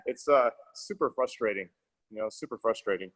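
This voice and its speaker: A man's voice: fairly low pitch, expressive, normal speed, breathy edge, low-quality recording. A man hosting a podcast interview, chatting casually and rambling with frequent restarts. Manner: rambling, restarts phrases, many fillers. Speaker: podcast host.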